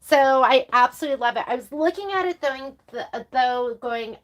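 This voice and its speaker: A woman's voice: high-pitched, moderate pace, few pauses. A woman presenting a sewing stream from her home sewing room, chatting in a rambling way with laughing asides. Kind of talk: casual livestream chat.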